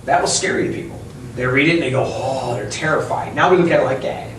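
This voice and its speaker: A man who owns a bookstore, chatting casually in an interview, rambling and animated as he tells stories. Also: medium pitch, fast talker, slight background noise. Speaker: bookstore owner and author. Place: inside his bookstore. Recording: echoey room, mic at a distance.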